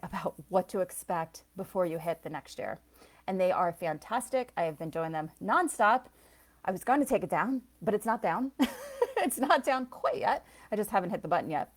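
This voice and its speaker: A woman psychic reader chatting loosely on a live stream, rambling from thought to thought, laughing often and answering viewers by name. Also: mid-range voice. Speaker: psychic reader and soul coach. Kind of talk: casual live-stream chat.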